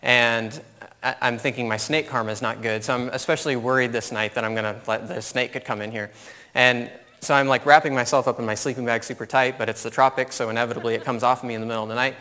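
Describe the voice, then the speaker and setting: Bright-voiced man telling a story in a hall. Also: mid-range voice, fast talker. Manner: animated storyteller, laughs at his own story. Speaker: conference speaker. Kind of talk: storytelling keynote talk. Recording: long hall reverb.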